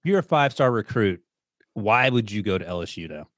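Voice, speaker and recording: A man's voice: on the low side, very animated, brisk, dry recording, studio quality. A man co-hosting a casual sports podcast, teasing and wisecracking. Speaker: podcast co-host.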